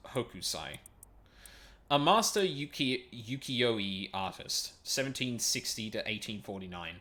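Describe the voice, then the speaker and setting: A man with a lowish, slightly bright voice streams a video game, reading its text aloud, tripping over unfamiliar words and adding casual sweary asides.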